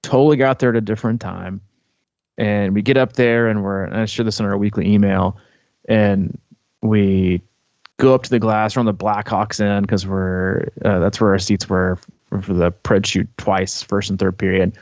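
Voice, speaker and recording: A man's voice: on the low side, normal speed, dry recording, dull audio. Rambling man telling a story. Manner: rambling, animated storyteller with many fillers and restarts. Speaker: podcast co-host. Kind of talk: casual storytelling chat.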